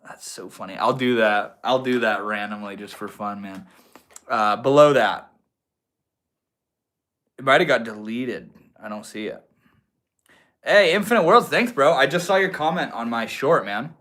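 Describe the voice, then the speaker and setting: A man's voice: medium pitch, lively intonation, a little slow, pauses often, fairly bright tone. A man from Maine hosting a casual livestream, reading and answering chat comments in a laid-back, slangy way, calling viewers homie and bro. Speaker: livestream host.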